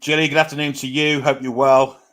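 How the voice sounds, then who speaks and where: A man's voice: medium pitch, flat delivery, brisk, a bit bright. Chatty man hosting a live match stream. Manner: chatty, greets viewers, reads chat aloud. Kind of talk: casual live match commentary.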